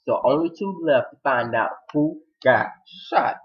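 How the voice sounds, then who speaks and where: Male reviewer, excitable recap delivery, jumps into shrill character voices, muffled lo-fi audio. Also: measured pace. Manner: acts out characters' lines with sudden high-pitched outbursts. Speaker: TV episode reviewer. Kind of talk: animated recap commentary.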